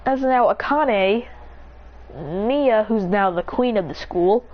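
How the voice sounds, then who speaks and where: A woman narrating an improvised story in a rambling, breathless way, jumping up in pitch to voice the characters. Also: lively intonation, slow, dull audio.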